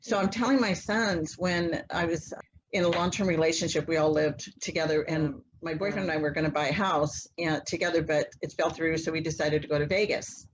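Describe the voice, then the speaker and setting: A woman guest telling a long personal story in a casual, animated way, acting out the voices of people in it. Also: deep voice, brisk, lo-fi sound, a little hiss or hum. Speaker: interview guest, mother.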